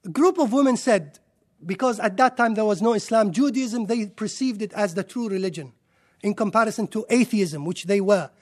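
A man giving an impassioned religious lecture to a live audience, excitable and firing rhetorical questions at the listeners. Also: sits high, normal speed. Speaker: Islamic lecturer.

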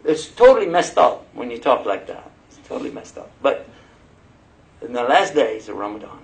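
A man preaching a sermon, telling personal stories in a lively way and laughing as he goes. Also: medium pitch, moderate pace, rough recording. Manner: animated, laughing storyteller. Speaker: Muslim preacher.

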